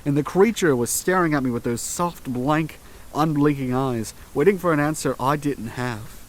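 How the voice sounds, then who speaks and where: A man reading a first-person horror story aloud, in slow, tense scripted narration with dramatic pauses. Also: on the high side.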